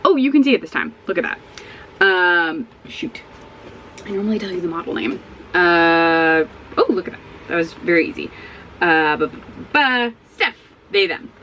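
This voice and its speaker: A woman's voice: on the low side, moderate pace, pauses often, muffled recording, a little hiss or hum. A sleepy woman chatting casually at home in a book vlog, rambling and often breaking off mid-thought. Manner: rambling, self-interrupting, animated. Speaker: book vlogger. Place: at home with a barking dog nearby.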